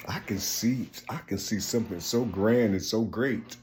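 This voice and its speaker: A man in a rambling personal monologue, halting and repetitive, often asking "you see?" and trailing off softly. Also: on the low side, slight background noise. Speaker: speaker sharing personal visions.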